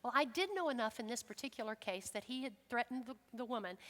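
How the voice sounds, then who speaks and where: A woman's voice: fairly high pitch, fast talker, hardly any pauses. A woman, a guest speaker giving a talk and taking questions, telling stories and acting out the quotes in them. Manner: lively storytelling, acts out quotes. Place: church hall. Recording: long reverb of a large hall.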